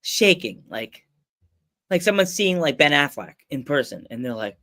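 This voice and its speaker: Here a man with a slightly high voice hosts a podcast at a moderate speed. He tells his story in a relaxed, lively way, acting out other characters' voices and frequently breaking into laughter.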